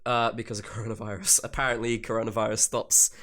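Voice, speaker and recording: A man's voice: fairly low pitch, level tone, fast, a bit bright. A tired young man co-hosting a podcast, chatting in a laid-back way and explaining things at length. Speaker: podcast co-host. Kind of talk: casual chat.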